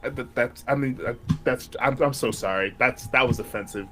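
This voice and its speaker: A man's voice: medium pitch, moderate pace, a bit bright. A man playing his character in a tabletop game, eager and friendly, stammering and restarting often. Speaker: player.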